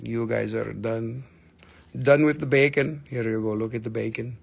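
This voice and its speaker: A man's voice: medium pitch, fairly even intonation, moderate pace, creaky, slightly rough. A man hosting a live online sale of crystals, joking, swearing and bantering with viewers as he prices each stone. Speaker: live-stream seller of crystals and minerals. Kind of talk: live online sales stream.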